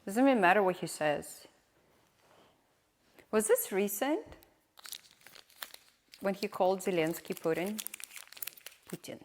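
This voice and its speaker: Woman streamer, casual rambling chat, mid pitch, long reverb on the voice. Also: expressive, slow pace, long pauses. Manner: chatty, rambling, questioning.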